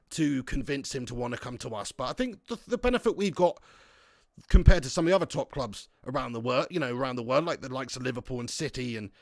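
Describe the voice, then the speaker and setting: A man's voice: a little high, no echo, studio quality. A man hosting a casual football watch-along stream, rambling through jokey banter and laughing often as he reads out viewer chat. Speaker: livestream host reading viewer chat.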